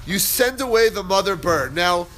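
A man's voice: a little high, moderate pace, fairly bright tone. A man teaching a casual Torah class, chatty and digressive, who drifts into stories and laughs as he tells them.

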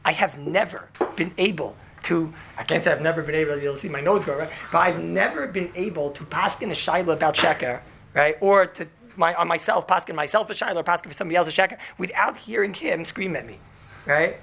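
A man telling a story to an audience in an animated, chatty way, sprinkling in Hebrew and Yiddish words and asking "right?" all the time. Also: a little high, brisk, vocal fry, background noise.

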